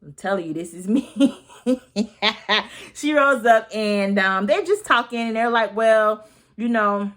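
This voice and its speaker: A woman in her thirties giving a casual, sassy recap of a reality show, chatty and full of slang and quick asides. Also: on the high side, a bit bright. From United States. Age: 30s.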